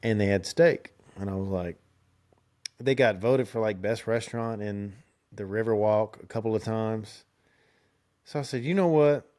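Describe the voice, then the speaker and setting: A man's voice: on the low side, moderate pace, darkish tone. Laid-back guy telling road stories. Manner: rambling, laid-back, laughs often, restarts. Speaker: podcast host. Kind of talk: casual storytelling chat.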